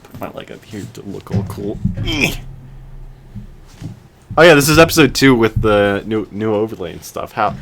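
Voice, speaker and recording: Teasing young man, lively low voice. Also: moderate pace, creaky, pauses often, a little hiss or hum. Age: young adult. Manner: dry, teasing quips. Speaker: podcast co-host. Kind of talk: casual banter.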